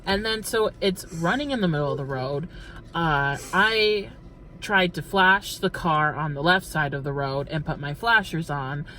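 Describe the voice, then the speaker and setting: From inside a car, a man co-hosting a late-night vlog rambles through a long story, restarting it many times as they chat while driving. His voice is a little high, bright and forceful, unhurried, with slight background noise.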